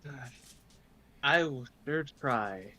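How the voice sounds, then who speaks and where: A man's voice: medium pitch, lively intonation, very slow, pushed and bright. A man joining a tabletop game as a player, talking casually and reacting to the story. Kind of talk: casual chat.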